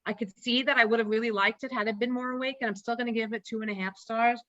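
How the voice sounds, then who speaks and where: A woman chatting casually about a movie, blunt and quick to swear. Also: fairly high pitch, steady tone, a bit bright, dry recording, lo-fi sound. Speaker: movie club panelist. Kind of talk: casual chat.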